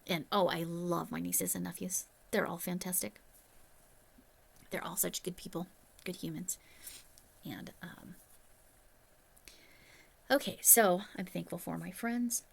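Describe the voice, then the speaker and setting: A woman's voice: fairly low pitch, steady tone, unhurried, vocal fry, long pauses, breathy edge. A middle-aged woman, a retired teacher, talking candidly and chattily to her viewers in a casual vlog. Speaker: retired teacher turned crochet YouTuber. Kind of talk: casual vlog chat to camera.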